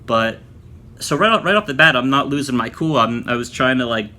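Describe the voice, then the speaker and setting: Bright-voiced man ranting about school. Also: medium pitch, lively intonation, a little fast. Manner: chatty, frequent fillers, mocking impressions of others. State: just showered, hair still wet. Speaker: former student telling his story. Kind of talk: casual vlog monologue. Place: room at home.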